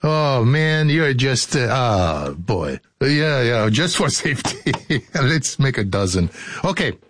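Lively, slow-talking man hosting a radio show. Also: mid-range voice, a little hiss or hum. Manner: joking, laughing, breaks into sing-song. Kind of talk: playful studio banter and storytelling.

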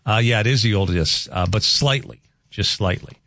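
A man's voice: normal speed, dry recording, studio quality. A man hosting a morning radio show, chatting casually and rambling with self-mocking asides. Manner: rambling, self-mocking, animated with pitch jumps. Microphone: studio microphone.

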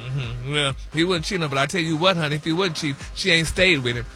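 A man's voice: fairly high pitch, fast, bright, forceful tone, soft background music. A man hosting celebrity news on a radio show, sassy and gossipy, calling everyone honey and y'all. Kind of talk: gossipy casual talk radio.

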